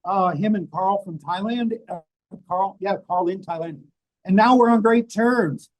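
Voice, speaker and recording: Brutally honest and swearing freely, an older American guy with a kinda high voice talks unhurriedly as an interview guest and author. His manner is blunt, profane and self-mocking in this candid chat, recorded indoors with rain outside.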